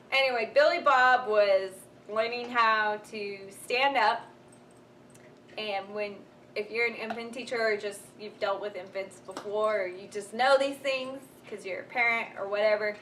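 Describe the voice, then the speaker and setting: A woman's voice: medium pitch, measured pace, a bit bright. A young woman vlogger telling funny stories in a casual, chatty way, laughing often and acting out the people she quotes. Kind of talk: casual storytelling while folding laundry. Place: home room. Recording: slightly distant mic with faint room noise.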